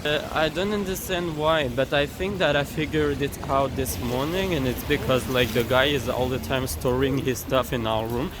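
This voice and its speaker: A man's voice: medium pitch, moderate pace, hardly any pauses. A young man, chatting casually as a travel vlogger, rambling with lots of "like" and restarts. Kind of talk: casual travel vlog chat. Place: outdoors on busy city streets. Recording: noisy street recording with traffic. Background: traffic noise.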